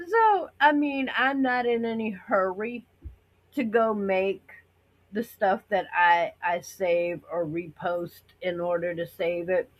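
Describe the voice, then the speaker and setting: Husky-voiced chatty American woman. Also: medium pitch, slow pace, dull audio. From United States. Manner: chatty, rambling, exaggerated quoted reactions. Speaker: vlogger. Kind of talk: casual rambling monologue.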